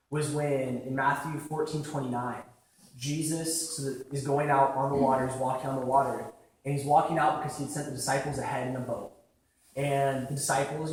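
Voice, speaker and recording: A young man giving a casual sermon, talking conversationally with lots of "like" fillers and acting out quick quotes. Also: mid-range voice, a little hiss or hum. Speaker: preacher. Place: large echoing church hall. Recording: very echoey hall from far off.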